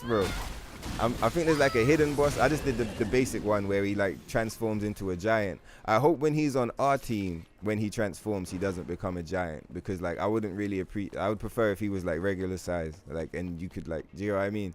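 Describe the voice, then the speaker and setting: Profane rambling streamer guy, low voice. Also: a little fast, slight background noise. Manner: talks to his chat. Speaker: livestreamer. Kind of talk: casual gaming stream chat.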